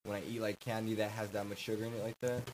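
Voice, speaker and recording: A man's voice: on the low side, very fast, a little hiss or hum, poor audio. Rambling easygoing man. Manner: relaxed, rambling, lots of "like" and "you know". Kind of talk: casual chat.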